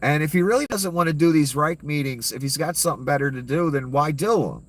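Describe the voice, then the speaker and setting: A man's voice: a little high, quick pace. A man giving an angry, profane and sarcastic rant of political commentary.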